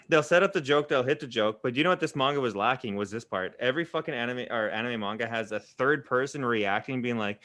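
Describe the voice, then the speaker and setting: A man hosting a casual chat, who rants with frequent swearing and sometimes talks in a flat monotone. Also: mid-range voice, fairly quick, dry recording, clean studio sound. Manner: flat, monotone delivery at times. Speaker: podcast host.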